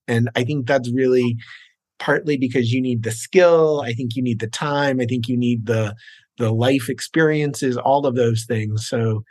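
Genial middle-aged screenwriter, dry sound. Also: male voice, medium pitch, a little mellow, no echo. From New York, raised in New Jersey. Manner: genial, self-deprecating, with frequent uh fillers. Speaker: guest screenwriter. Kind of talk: casual interview.

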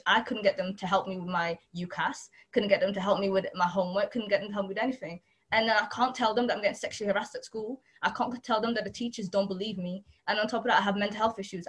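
A young British woman giving an earnest personal testimony as a panel speaker, stacking her points in emphatic repeated lists. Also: medium pitch.

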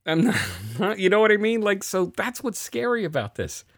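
A man's voice: sits high, big pitch swings, moderate pace, a bit bright, no room sound, clean studio sound. A man co-hosting a podcast in casual chat, ranting sarcastically and swearing a lot. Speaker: podcast co-host.

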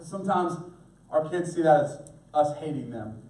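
A man preaching a sermon as pastor, animated, acting out voices for humor. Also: fairly high pitch, moderate pace. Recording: echoey room, voice from a distance.

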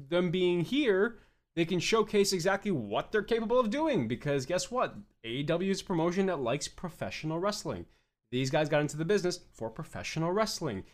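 A young man rants on his podcast in a high, lively voice that leaps up and down as he argues. He is blunt and swears freely, firing off short punchy points. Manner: blunt and profane, mocking fans in quoted voices. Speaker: podcast host. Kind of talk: opinionated podcast rant.

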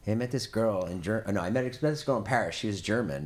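A man in a relaxed podcast chat, telling stories in a rambling way, stumbling and restarting. His voice sits on the lower side but swings widely in pitch. Faint noise and clicks sit behind him. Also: fast talker, hardly any pauses. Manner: rambling storyteller with stammers and restarts. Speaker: podcast guest. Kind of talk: casual chat.

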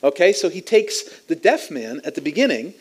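A man preaching to his congregation in a lively, animated way. His voice sits a little higher than most men's. He teaches with easy chuckles along the way. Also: moderate pace, breathy edge. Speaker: pastor. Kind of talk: sermon.

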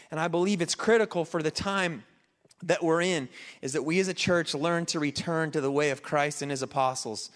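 A high-pitched male pastor delivers a sermon in an easy, conversational way. He unpacks each point step by step and leans on rhetorical questions. His voice rings out with a long reverb tail in the church space.

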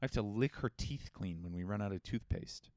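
A man's voice: on the low side, brisk, a little mellow, dry recording. A young man co-hosting a podcast in casual comedic chat, joking and slipping into silly voices. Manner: jokey, slips into silly put-on voices. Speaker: podcast co-host.

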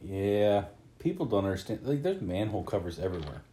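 Laid-back man with a mellow voice. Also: fairly low pitch, big pitch swings, brisk. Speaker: podcast co-host. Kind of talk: casual chat.

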